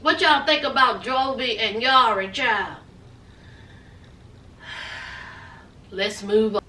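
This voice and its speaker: A woman's voice: a little high, drawn-out words, pushed and bright, reverberant, far from the mic. A woman giving sassy, dramatic commentary in a TV recap vlog, full of folksy slang. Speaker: reality TV recap vlogger.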